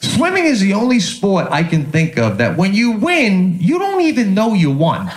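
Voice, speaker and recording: A middle-aged man doing a stand-up set, animated and exasperated, slipping into quick impressions. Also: high voice, heavy background noise. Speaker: stand-up comedian. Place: club stage with a laughing audience. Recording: live stage recording with crowd laughter.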